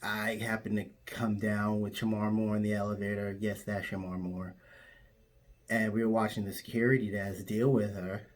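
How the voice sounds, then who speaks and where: Guy telling a silly tall tale totally deadpan, like it really happened. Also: on the low side, normal speed. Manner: absurd tall tale told matter-of-factly. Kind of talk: deadpan comic storytelling.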